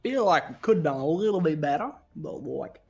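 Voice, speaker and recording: A man's voice: on the high side, animated, moderate pace, creaky, breathy edge. A man with an Australian accent chatting casually while gaming, laid-back and drily joking, groaning at setbacks. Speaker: gaming YouTuber, teammate. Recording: noisy gaming mic with clicks.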